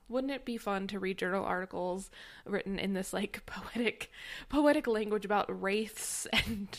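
A woman's voice: medium pitch, a bit bright. Chatty woman explaining on a podcast. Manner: chatty and explanatory, with frequent "like" and restarts. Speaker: podcast host. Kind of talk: casual educational podcast monologue.

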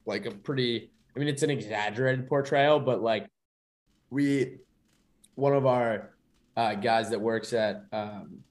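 A young podcast co-host with a medium-pitched voice chats casually at a measured pace. He rambles and restarts himself a lot.

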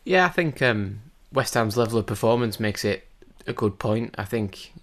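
A man's voice: fairly low pitch, lively intonation, normal speed, a bit bright. A man co-hosting a football podcast in loose, chatty talk with frequent restarts. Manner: rambling, many restarts and fillers. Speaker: podcast co-host. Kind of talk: casual football chat.

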